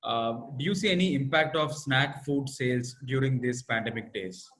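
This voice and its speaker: A man's voice: medium pitch, lively intonation, normal speed, a bit bright, low-quality recording. A man with an Indian English accent moderates a Q&A session. He reads out audience questions and stumbles through them with many fillers. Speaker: host reading audience questions. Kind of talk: live Q&A moderation.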